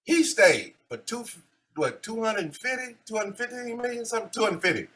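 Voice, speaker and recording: A podcast co-host, ranting animatedly in casual sports chat with big swings in loudness. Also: male voice, sits high, lively intonation, normal speed.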